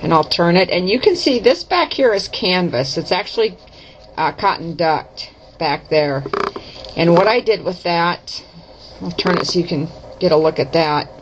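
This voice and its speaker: A woman's voice: fairly low pitch, animated, moderate pace, a little hiss or hum. Chatty woman demoing crafts, lo-fi audio. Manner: chatty, self-correcting, folksy. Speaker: craft vlogger. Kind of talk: casual craft demo to camera. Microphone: camera mic. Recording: dull lo-fi camera audio.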